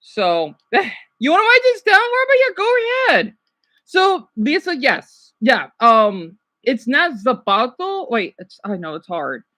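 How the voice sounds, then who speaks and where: A woman's voice: high voice, huge pitch swings, unhurried, sharp tone. A woman vlogger chatting casually about learning languages, rambling and hesitant, often checking in with "right?".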